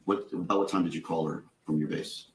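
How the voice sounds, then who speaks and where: A man's voice: deep voice, fairly even intonation, fairly quick. A male attorney questioning a witness in court, methodical and restating answers before each question. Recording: echoey courtroom audio.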